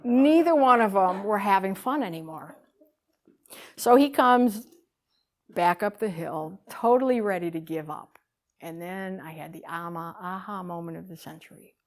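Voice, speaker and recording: A woman giving a talk, telling a story with animated swings between loud bursts and hushed lines. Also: mid-range voice, slow, long pauses. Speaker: speaker.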